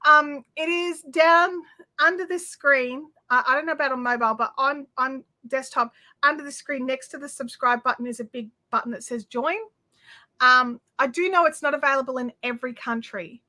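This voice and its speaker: A woman's voice: high voice, moderate pace, bright, forceful tone. A woman with an Australian accent hosting a craft livestream from home, chatting effusively with viewers and reading out their comments, full of fillers and restarts.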